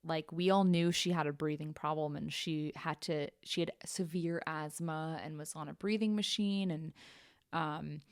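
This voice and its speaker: Low-voiced woman telling a frank story. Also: fairly even intonation, moderate pace, dry recording, studio quality. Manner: frank and blunt, swears casually, heavy use of "like". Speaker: podcast host. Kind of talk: candid personal storytelling.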